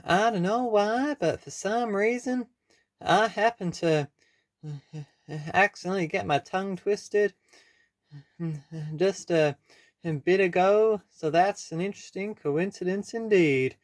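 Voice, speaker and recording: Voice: mid-range voice, takes it slowly, pauses often, dry recording, clean studio sound, voice pushed up, close to an everyday voice. A performer voicing a bouncy, chatty friend in a comedy sketch. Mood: chirpy.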